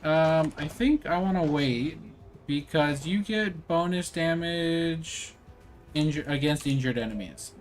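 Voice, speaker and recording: A man's voice: on the high side, slow pace. A young man casually commenting on his gameplay, rambling with fillers and slang. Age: young adult. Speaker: gameplay streamer.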